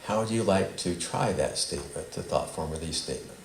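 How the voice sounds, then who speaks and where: A man with a low, gravelly voice and lively intonation speaks fairly quickly as he teaches a small group at a spiritual center. He wanders from point to point and has them recite a statement back to him. The hall echoes, and faint noise is present.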